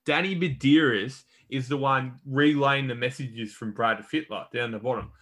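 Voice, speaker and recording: Talking sport bluntly and casually as a podcast co-host, a young Australian man swears a little and restarts his sentences a lot. He has a mid-range voice with a fairly bright tone and moves at a moderate pace.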